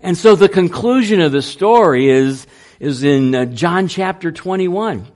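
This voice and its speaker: A man preaching a sermon, unhurried and halting, with frequent fillers and restarts. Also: sits high, animated, a little mellow. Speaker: pastor.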